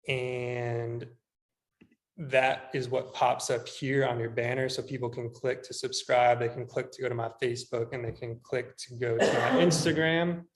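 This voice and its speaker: A young man, a real estate agent, teaching a class in a casual, relaxed way with plenty of ums while walking through a screen demo. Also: mid-range voice. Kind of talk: casual instructional talk. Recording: echoey room.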